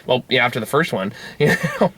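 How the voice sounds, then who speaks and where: A man's voice: medium pitch, expressive, fairly quick, bright, forceful tone. A young man co-reviewing a movie in a car, sardonic and profane, laughing between his remarks. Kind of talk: casual car-ride movie review chat. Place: inside a car.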